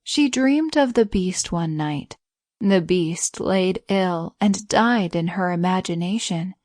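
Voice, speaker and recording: A woman reading a bedtime story aloud in a soothing, even way. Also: lowish voice, takes it slowly, no echo, studio quality.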